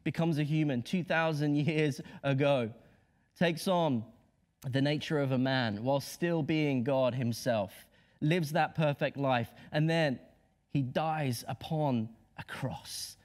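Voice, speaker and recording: A man preaching a Good Friday sermon, impassioned and rhetorical, dropping to hushed lows and rising to emphatic highs. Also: a little slow.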